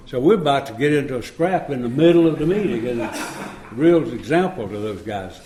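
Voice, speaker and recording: An older man in his seventies tells his story to a gathered crowd, folksy and chuckling as he acts out each exchange in a middle-pitched voice. The live recording has a roomy echo with a faint hiss underneath. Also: expressive, normal speed, hardly any pauses, dark tone. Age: 70s. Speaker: recovery meeting speaker. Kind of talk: storytelling talk to an audience. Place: retreat meeting room.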